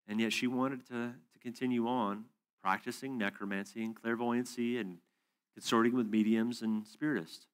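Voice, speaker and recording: Animated man telling a sermon story. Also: medium pitch, normal speed. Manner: animated storytelling, acts out both sides of dialogue. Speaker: conference speaker. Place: church hall or conference room.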